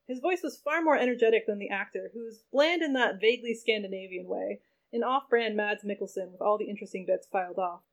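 A woman's voice: medium pitch, fairly quick. A woman author reading her own novella aloud expressively and chatting casually over a video call. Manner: expressive, laughs easily. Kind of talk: casual chat and book reading.

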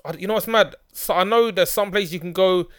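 A young man, co-hosting a casual podcast and talking in an animated way, with lots of agreeing yeahs. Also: high voice, a little fast, clear, resonant tone, dry recording, clean studio sound. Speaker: podcast co-host. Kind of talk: casual chat.

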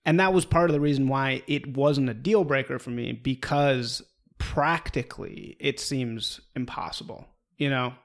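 A man's voice: medium pitch, steady tone, normal speed. A man in a casual political chat who disagrees and lays out his reasoning at length. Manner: argumentative, explains at length.

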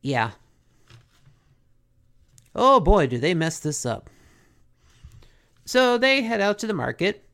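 A podcast host recapping a cartoon episode in a joking, animated way. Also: mid-range voice, takes it slowly, long pauses. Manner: animated, joking, self-questioning.

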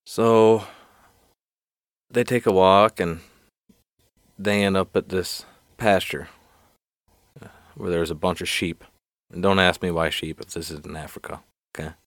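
A man's voice: low voice, fairly even intonation, a little slow, long pauses, no echo. A man hosting a solo podcast, telling a joke in a rambling, self-deprecating way and laughing often. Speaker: podcast host.

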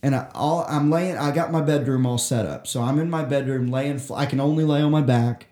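A man's voice: mid-range voice, brisk, warm tone. A young man telling a long personal story in casual chat, full of swearing and restarts. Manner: profane, rambling storytelling with many restarts. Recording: echoey room.

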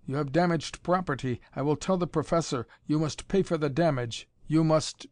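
A man voicing an excitable young male lab assistant, speaking stilted, agitated English in an audiobook. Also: fairly high pitch, moderate pace, dry recording, clean studio sound, lightly acted. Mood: angry. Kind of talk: audiobook character voice.

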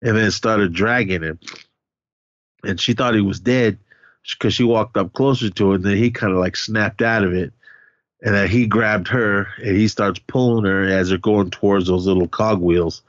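Rambling low-voiced man recapping a movie. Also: fairly even intonation, moderate pace, no echo, muffled recording. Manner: rambling, lots of fillers, acts out screams. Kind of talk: casual film recap.

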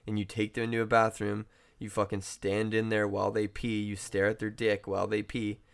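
A young man co-hosting a podcast, chatting casually and telling profane, animated stories. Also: lowish voice, fairly quick, vocal fry. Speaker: podcast co-host. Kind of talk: casual chat.

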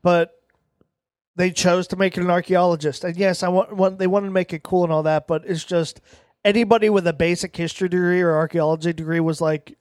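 Brief: male podcast co-host, higher voice, dry sound, blunt and exasperated. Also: little pitch movement, fairly quick, a little mellow, no room sound. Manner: blunt, exasperated critique with swearing. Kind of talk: casual movie review chat.

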